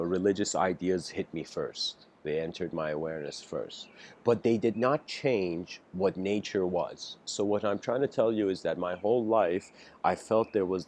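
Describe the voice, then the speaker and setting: A man giving an improvised philosophical lecture, halting and musing with frequent restarts. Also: deep voice, darkish tone.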